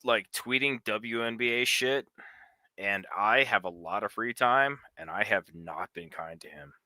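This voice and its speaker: A man in his forties chats on a live sports show, swearing and ribbing his friends with brash, crude humor. His voice is strikingly bright and cutting, and the sound is dry and close with no room in it. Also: lowish voice, unhurried, dry recording. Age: 40s. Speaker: co-host. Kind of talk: casual chat.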